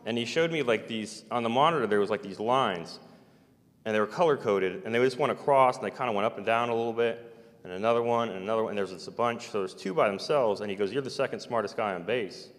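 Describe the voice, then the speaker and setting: Low-voiced man telling a rambling story. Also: fast talker. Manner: meandering, hesitant, with soft chuckles. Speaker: former navy serviceman recounting an experience. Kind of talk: casual first-person account. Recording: long hall reverb.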